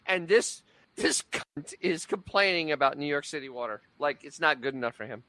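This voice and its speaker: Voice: mid-range voice, animated, moderate pace, pushed and bright, dry recording. A podcast co-host making blunt, mocking remarks in casual comedic chat.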